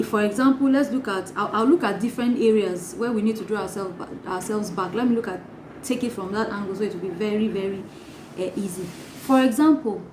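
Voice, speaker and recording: A woman giving a motivational talk, acting out little scenes of gossip as she teaches. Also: mid-range voice. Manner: animated, acts out gossip in asides. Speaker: life coach. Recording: echoey room, faint noise.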